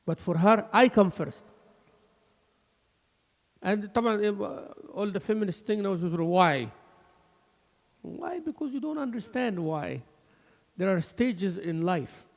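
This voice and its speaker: A man giving an animated mosque lesson, switching between English and Arabic with laughing asides. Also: high voice, unhurried, creaky, long pauses, long reverb tail. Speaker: mosque teacher. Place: mosque hall.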